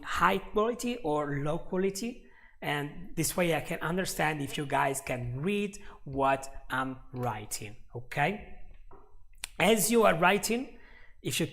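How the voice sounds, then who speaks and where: A man's voice: fairly high pitch, creaky, a bit bright. A man teaching English on a live stream, explaining step by step and chatting with viewers. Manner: explanatory, repeats words, chats with viewers.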